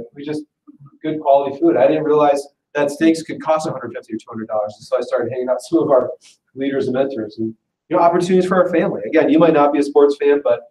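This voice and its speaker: A man giving a chatty, self-deprecating business pitch to a live audience in a meeting room, often breaking into laughs. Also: a little mellow. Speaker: business presenter at an info session. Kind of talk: casual, joking sales pitch to a live audience. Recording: roomy echo, voice far from the mic.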